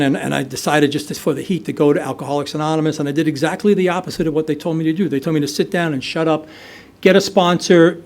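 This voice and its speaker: A man's voice: on the high side, a little mellow. A middle-aged man from the United States telling his recovery story at a meeting, conversational, with many fillers and restarts. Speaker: AA speaker. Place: meeting hall.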